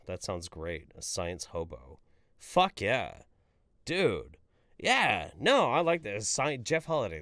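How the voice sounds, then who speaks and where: A man's voice: mid-range voice, fairly bright tone, no room sound, clean studio sound. A man hosting a live stream, reading chat messages aloud in a jokey, casual way and swearing freely.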